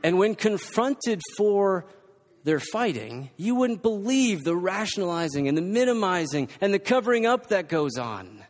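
A man's voice: sits high, very animated, moderate pace. A man preaching a sermon, reading scripture and pressing his points with emphatic, repeated exhortations. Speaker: pastor. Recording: long reverb from a large hall.

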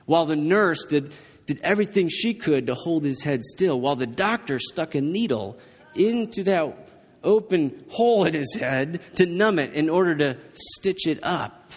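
Pastor telling a story in an echoey hall. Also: male voice, a little high, lively intonation, normal speed, slightly rough. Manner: conversational, keeps checking in with the listeners. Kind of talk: sermon with personal story.

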